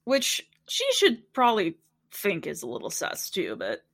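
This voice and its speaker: A woman's voice: mid-range voice, wildly swooping pitch, a little slow, a bit bright. A young woman co-hosting a casual chat, talking loosely with many fillers and giggles, sleepy and hiccuping. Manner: laid-back, lots of fillers, giggly. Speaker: podcast co-host.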